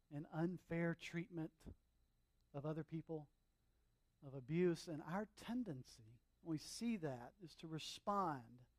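A male pastor preaching a sermon in an animated, conversational way, with humorous asides and emphatic swings from loud to hushed. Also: on the high side, no echo.

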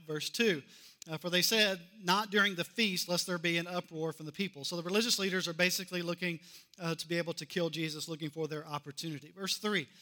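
Bright-voiced man preaching a sermon. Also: sits high. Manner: preaching with rising intensity, repeating key phrases. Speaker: pastor.

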